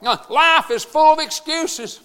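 Male pastor, high voice, shouts the sermon, halting "uh" delivery, echoing church. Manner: shouted emphatic preaching, frequent "uh" fillers. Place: church sanctuary. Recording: long reverb of a church hall.

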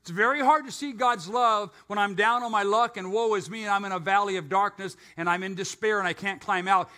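Older man, pastor, casual sermon delivery, high bright tone. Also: brisk, few pauses. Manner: conversational, self-questioning preaching.

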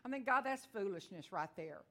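A middle-aged woman with a Texan accent preaching a sermon in a folksy, animated way, with frequent amens and asides. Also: medium pitch, brisk.

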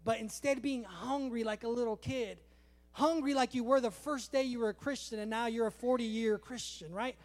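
A man preaches with a strikingly high voice. He tells stories in a lively way, acting out the people in them. It sounds like a live sermon. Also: moderate pace. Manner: animated storytelling preacher, acting out dialogues. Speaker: pastor.

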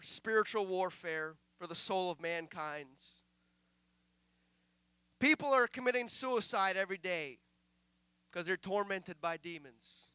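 A male pastor preaching a sermon in a conversational style that swells into loud declarations, sometimes dropping to a mumble to act out a distracted prayer. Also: high-pitched, clean tone, no room sound. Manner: acts out mumbled prayers in a quiet aside voice.

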